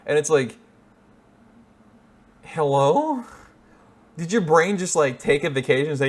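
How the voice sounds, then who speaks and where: A man's voice: a little high, expressive, unhurried, pauses often. Male reaction-video host: rambling, profane, chuckles at his own jokes. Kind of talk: casual reaction commentary.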